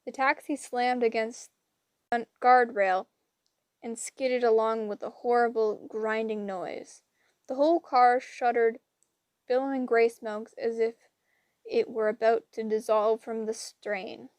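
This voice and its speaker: A woman reading an audiobook with lively, dramatic storytelling. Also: a little high, a little slow, dry recording. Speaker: audiobook reader. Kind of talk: expressive audiobook narration.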